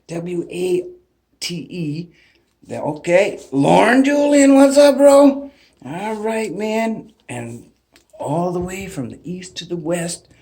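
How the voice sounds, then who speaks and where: A man, hosting his channel and greeting a long list of names in a rambling, animated way. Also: high voice. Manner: rambling, animated, greets each name warmly. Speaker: channel host. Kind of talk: casual shout-out vlog.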